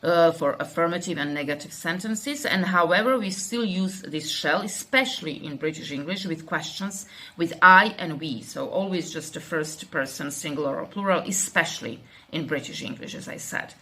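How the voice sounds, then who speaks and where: A woman's voice: on the low side, expressive, moderate pace, pushed and bright. A woman with a Slovak accent teaching English grammar, reading out example sentences and explaining them in loose, unscripted speech with many fillers. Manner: unscripted, with frequent fillers and restarts.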